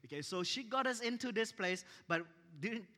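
Pastor guy preaching, tells stories and acts out what people said, bright forceful voice, kinda high, big echoey hall. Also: a little fast. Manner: animated, acts out dialogue in his stories. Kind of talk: sermon storytelling.

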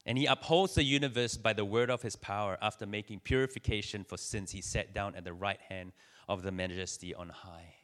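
A man's voice: lowish voice, steady tone, brisk, a bit bright. A man preaching a conversational sermon, joking with his listeners and building in energy. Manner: conversational preaching, teasing the audience, rising energy.

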